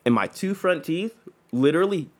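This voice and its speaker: A man's voice: fairly high pitch, expressive, moderate pace. A young adult man telling a long personal story in casual chat, rambling with lots of fillers and swearing.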